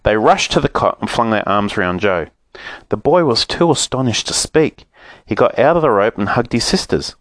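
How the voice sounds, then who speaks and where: Low-voiced man reading a storybook. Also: moderate pace, no echo. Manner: lively expressive reading. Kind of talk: storybook read-aloud.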